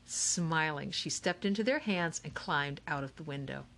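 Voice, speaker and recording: A woman narrating a children's novel in a lively, expressive storytelling manner. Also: low-pitched, moderate pace, vocal fry. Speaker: audiobook narrator. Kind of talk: scripted narration.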